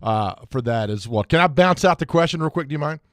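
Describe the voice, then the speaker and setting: A man co-hosting a casual sports talk radio show in a studio, animated and quick to laugh, drifting into rambling asides. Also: on the high side, no echo. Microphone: studio mic.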